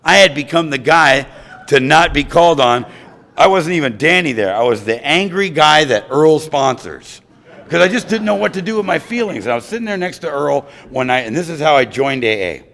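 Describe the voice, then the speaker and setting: An American man sharing his recovery story at a meeting, animated and acting out other people's voices. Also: on the high side, a little fast, vocal fry.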